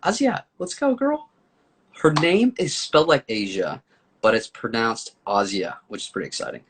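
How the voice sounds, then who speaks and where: A man's voice: fairly high pitch, huge pitch swings, normal speed, a bit bright, husky. A man hosting a casual live-stream chat, upbeat and chatty, talking to viewers and a guest. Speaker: host.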